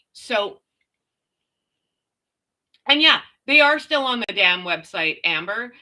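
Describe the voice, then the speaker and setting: A woman's voice: medium pitch, pushed and bright. A middle-aged woman from Canada, ranting in casual, blunt, sarcastic commentary with slang and mild swearing. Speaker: commentary vlogger.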